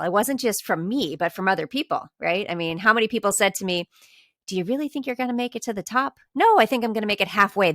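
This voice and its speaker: A woman's voice: on the low side, a bit bright, dry recording, clean studio sound. A woman in her fifties earnestly telling a personal story as a podcast guest, with a self-deprecating touch. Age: 50s. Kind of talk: reflective storytelling.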